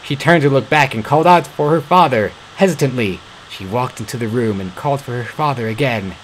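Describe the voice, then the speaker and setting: A man's voice: medium pitch, fairly quick, slight background noise, low-quality recording. A man reading a fan story aloud, stumbling and correcting himself now and then. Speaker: fan-fiction reader.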